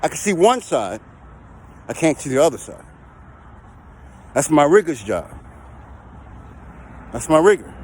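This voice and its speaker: A man's voice: on the high side, sing-song, a little slow, long pauses, a little mellow, husky. A man talking casually to camera about heavy equipment work, repeating himself and checking in with the listener. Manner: repetitive, conversational, keeps checking in with the listener. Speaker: heavy equipment and recovery operator. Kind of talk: casual vlog talk to camera.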